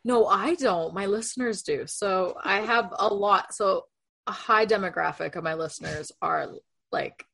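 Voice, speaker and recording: Gravelly Canadian woman, joking podcast chat. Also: mid-range voice, unhurried, bright, forceful tone. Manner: joking, self-deprecating. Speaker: podcast co-host. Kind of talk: casual chat.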